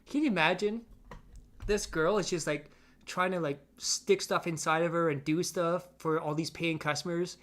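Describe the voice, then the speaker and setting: A man's voice: fairly high pitch, steady tone, normal speed, a bit bright. Blunt man reading chat logs aloud. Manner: blunt, exasperated, crude asides. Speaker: drama commentary host.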